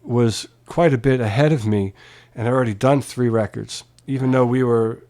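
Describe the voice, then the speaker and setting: A middle-aged man from Pennsylvania, a guest musician, telling animated stories in a relaxed interview, swearing casually and laughing as he talks. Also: mid-range voice, normal speed. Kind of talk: relaxed storytelling.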